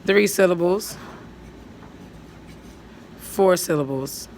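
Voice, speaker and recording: A woman teacher patiently walking students through writing a poem, counting syllables aloud and thinking out loud as she writes. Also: lowish voice, takes it slowly, a little hiss or hum. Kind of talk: step-by-step poetry lesson.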